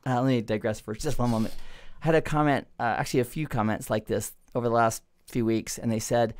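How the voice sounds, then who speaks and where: A middle-aged man giving a relaxed, chatty networking lesson over a screen recording, with playful digressions. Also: mid-range voice, quick pace, clean tone. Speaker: network instructor. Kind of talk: screen-recorded tech tutorial.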